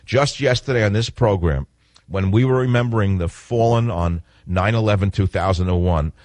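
A man's voice: lowish voice, normal speed, a little mellow, no room sound. A man hosting a political radio talk show, speaking in an emphatic monologue that repeats and stresses key phrases.

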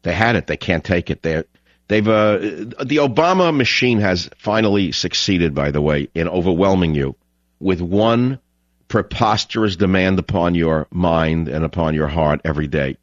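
Ranting talk radio man, low and dry. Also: no echo. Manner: ranting, mocking, swings from shouting to muttering. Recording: dull lo-fi radio broadcast.

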